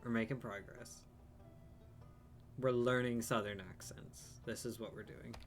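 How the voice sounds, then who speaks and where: A man's voice: mid-range voice, fairly even intonation, a little slow, faint music behind. Chatty man narrating his gameplay. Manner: chatty, rambling, self-deprecating. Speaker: game streamer. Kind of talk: casual let's-play commentary.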